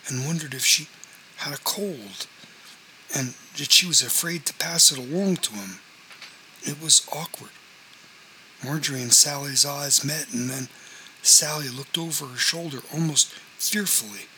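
Bright-voiced male audiobook narrator. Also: a little high, unhurried, a little hiss or hum, poor audio.

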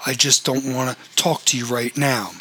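A man's voice: medium pitch, steady tone, moderate pace, bright, forceful tone, husky, rough recording. A man voicing a formal, reserved young woman on the phone in a story reading. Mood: cool. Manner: formal and cool.

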